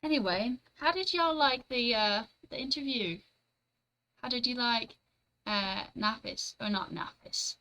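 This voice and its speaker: A young woman streaming from home, chatting casually with her live chat, blunt and quick to swear and laugh. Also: a little high, pushed and bright, poor audio.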